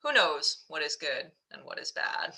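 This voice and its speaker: A woman voicing a calm, unbothered male village farmer in a told story, speaking evenly. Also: deep voice, unhurried, vocal fry, breathy edge, pitched below the performer's own voice, full character voice. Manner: even, unruffled.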